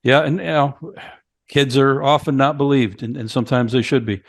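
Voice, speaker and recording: A man's voice: medium pitch, moderate pace, no room sound, clean studio sound. Male podcast co-host, conversational, retells plot beat by beat, quotes lines in character. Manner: retells scenes, acting out lines. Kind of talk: casual movie review chat.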